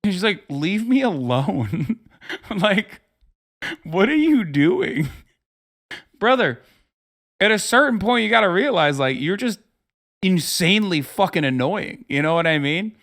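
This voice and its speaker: Streamer in his thirties, reacting with profanity and exasperation; higher-pitched voice. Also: lively intonation, unhurried, long pauses, a bit bright. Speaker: livestream host. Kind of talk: reaction commentary.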